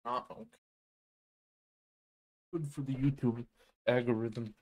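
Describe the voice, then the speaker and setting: A young man streaming a game live, rambling and cursing in casual commentary, with sudden shouts. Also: mid-range voice, fairly even intonation, takes it slowly. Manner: rambling, profane, sings and shouts in bursts. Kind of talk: casual let's-play commentary. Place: home streaming setup.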